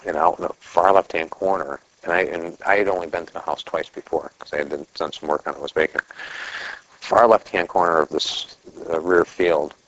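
Deep-voiced man telling a rambling story. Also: fairly even intonation, brisk, a bit bright, highs cut off, a little hiss or hum. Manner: rambling, with restarts and throat clearing. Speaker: speaker telling a personal story. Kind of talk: casual storytelling talk.

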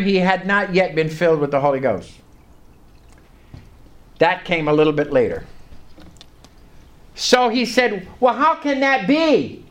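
An older male preacher delivers a folksy, emphatic sermon in a bright, ringing voice. He sits high in his range and takes his time, slowing down to stress the scripture he reads aloud.

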